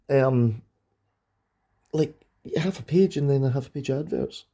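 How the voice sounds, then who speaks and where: A man's voice: mid-range voice, fairly quick, warm tone. A middle-aged man reviewing an old comic book in a casual vlog, rambling and enthusiastic, with lots of ums and restarts.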